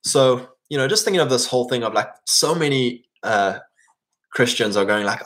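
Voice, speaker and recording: An Englishman gives an informal, loose sermon at a mid-range pitch, chatting with listeners as if in conversation. Expressive, at normal speed and with a fairly bright tone, he tags points with "right?" and often doubles back to restart a phrase.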